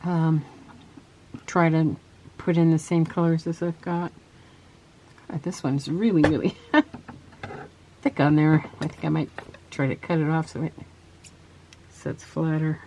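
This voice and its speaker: Woman, lower voice, relaxed craft-video host, soft asides, light background hiss. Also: takes it slowly, pauses often. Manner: soft-spoken, chatty, trails off while working. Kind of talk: casual crafting tutorial.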